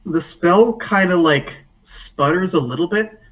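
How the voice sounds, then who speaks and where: A man narrates a tabletop game as game master, easygoing and full of little fillers. His voice sits a bit high for a man and sounds slightly away from the mic. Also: unhurried, far from the mic, poor audio. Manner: relaxed, filler-heavy narration.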